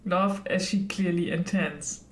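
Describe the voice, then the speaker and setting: A woman's voice: fairly low pitch, steady tone, unhurried. A woman streaming a narrative game, reading its text aloud and chatting with frequent giggles. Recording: roomy echo with faint music.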